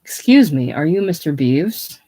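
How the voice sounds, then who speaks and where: A reader gives voice to Gus, an earnest and apologetic Austrian mechanic with a slight German accent who is polite and eager to be welcomed. The delivery is mid-range and mellow, with big pitch swings at a measured pace. He comes across as polite, eager, and self-effacing.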